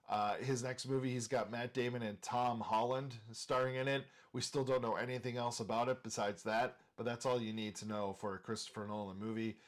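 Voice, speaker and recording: A man from Minnesota hosting a movie channel, talking casually and enthusiastically while ranking film directors, with frequent filler words. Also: medium pitch.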